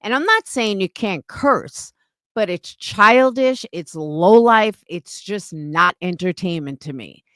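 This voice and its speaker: Slow-talking woman ranting, blunt and profane. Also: medium pitch, expressive, a bit bright, dry recording, studio quality. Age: 30s. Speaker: live streamer. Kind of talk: heated live-stream rant.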